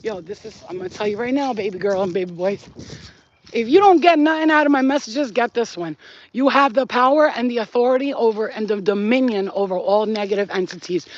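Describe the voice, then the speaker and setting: A woman's voice: fairly high pitch, expressive, a little fast, muffled recording. A woman hosting a spiritual channel, talking casually to camera in a blunt, emphatic and profane way.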